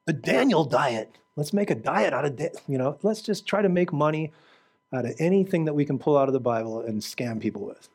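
Fervent preacher man, loud to hushed. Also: on the high side, expressive, a little fast. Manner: fervent, swings from shouting to quiet prayer; asks the audience direct questions. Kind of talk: sermon to a live congregation.

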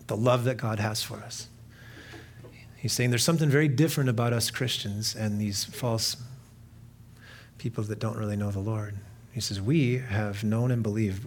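A man of middle pitch preaching a sermon, talking to his listeners as if in conversation. He climbs into earnest, emphatic stretches and then sinks back into quiet, reflective ones, sometimes restarting a thought mid-sentence. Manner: conversational, with many fillers and restarts. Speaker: pastor.

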